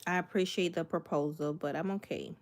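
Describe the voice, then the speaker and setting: Deep-voiced and brisk, this young Miami woman hosts a cooking livestream. She chats casually and sassily, reading comments aloud and greeting viewers by name.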